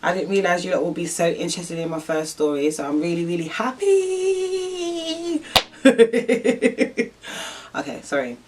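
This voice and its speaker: A woman's voice: low-pitched, fairly even intonation, quick pace, few pauses, distant mic. A young woman telling a personal story in a vlog, rambling and emotional with lots of fillers. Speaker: vlogger.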